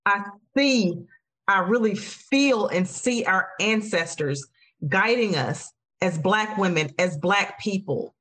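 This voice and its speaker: A woman's voice: mid-range voice, expressive, slow pace, fairly bright tone. A woman hosting a podcast, speaking earnestly and emotionally to her friends. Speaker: podcast host. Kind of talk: heartfelt conversational podcast talk.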